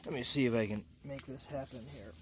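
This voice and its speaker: A man's voice: mid-range voice, background noise. A man vlogging from his tent on a camping trip, groggy and rambling with lots of fillers. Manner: rambling, halting, many fillers. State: groggy just after waking. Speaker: motocamping vlogger. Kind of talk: casual camp vlog. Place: inside a hot tent with a wood stove.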